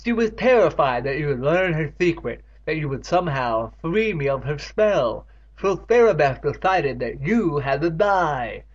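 A man putting on a high, slow, melodramatic tragic woman. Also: expressive. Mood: accusing. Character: pleading enchanted woman, desperate and tragic. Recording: dull lo-fi recording.

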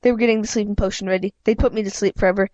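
A woman's voice: medium pitch, steady tone, very fast, a little mellow, no room sound, lo-fi sound. Woman reading a children's book aloud, dry. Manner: plain reading with frequent slips and self-corrections. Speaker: reader of a book. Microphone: home microphone, self-adjusted.

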